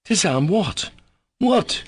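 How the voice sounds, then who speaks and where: A man voicing a furious, proud young Russian gentleman who shouts commanding accusations in an audiobook reading. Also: sits high, big pitch swings, takes it slowly, breathy edge, pitched above the performer's own voice, heavily acted.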